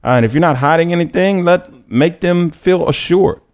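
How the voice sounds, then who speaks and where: A man's voice: a little high, normal speed, darkish tone. A young man hosting a casual talk about dating and faith, chatty and joking, often correcting himself mid-sentence and acting out quotes. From Louisiana, United States. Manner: chatty and self-correcting, jokes and acts out quotes. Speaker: host.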